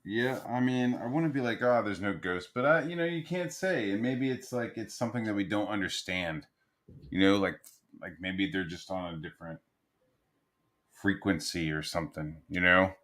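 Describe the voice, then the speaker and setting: A man in relaxed chat with a friend, swearing freely and rambling through his thoughts. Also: lowish voice, moderate pace. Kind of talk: casual chat among friends. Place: home art studio, on a livestream.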